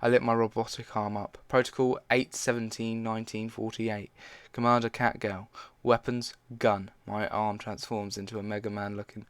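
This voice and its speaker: A man's voice: fairly low pitch, little pitch movement, moderate pace, clear, resonant tone, no room sound. A man casually reading fan fiction aloud, stumbling now and then and dropping in his own side comments.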